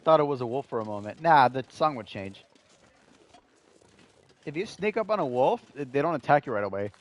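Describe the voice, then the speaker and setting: A man's voice: mid-range voice, moderate pace. A man in his twenties giving joking live commentary while playing a survival game, talking to his chat. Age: 20s. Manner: animated, joking, talks to chat. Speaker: streamer.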